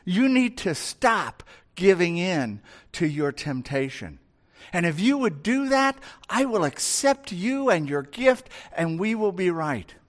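A man's voice: sits high, sing-song, slow pace, heavily acted. A man preaching who voices God speaking earnestly to a wayward son in a retelling.

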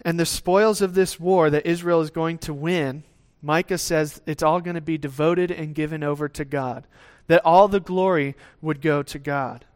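A man's voice: a little high, fairly even intonation, moderate pace, hardly any pauses. A man preaching a sermon casually, often checking in with the listeners and acting out little exchanges with God. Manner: conversational preaching, acts out God's lines; tag questions, some restarts. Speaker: pastor.

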